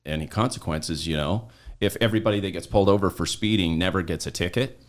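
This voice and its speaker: Deep-voiced man telling stories. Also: quick pace. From southern Utah. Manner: rambling, keeps tagging lines with "right?". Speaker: podcast guest, former deputy. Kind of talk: casual interview storytelling.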